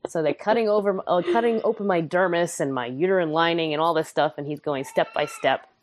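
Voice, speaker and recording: A woman's voice: on the low side, a little fast. A young woman telling a candid, humorous and emotional personal story in casual podcast chat.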